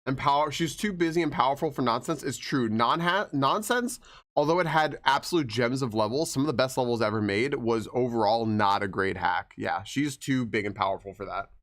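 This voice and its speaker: A man's voice: medium pitch, a little fast, a bit bright. A man streaming live, chatting casually and greeting viewers by name, with frequent swearing. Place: home streaming room.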